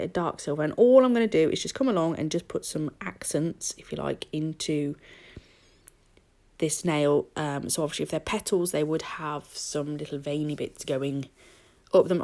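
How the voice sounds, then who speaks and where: Woman, nail art vlogger; low-pitched and slightly gravelly, chatty, self-deprecating, rambling. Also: darkish tone. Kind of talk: casual voice-over tutorial.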